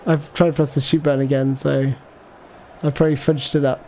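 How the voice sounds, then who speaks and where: Male livestreamer, slightly raised pitch; loose, meandering play-by-play and chat replies. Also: level tone, brisk, dark tone, a little hiss or hum. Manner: rambling, thinks aloud, reads out viewer chat. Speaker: gaming livestreamer. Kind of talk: casual live gameplay commentary.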